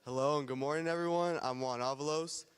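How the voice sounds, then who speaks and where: Young student guy doing a formal intro, smooth voice, big reverby hall. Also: a little high, steady tone, brisk. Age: young adult. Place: event hall stage.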